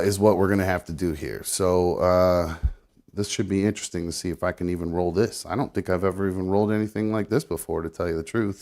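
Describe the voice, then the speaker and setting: A man chatting casually on a live show, narrating what he is doing as he goes, swearing and rambling and slightly out of breath. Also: lowish voice. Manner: rambling, swearing, self-narrating while rolling. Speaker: live show guest rolling a blunt. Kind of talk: casual live-stream chat.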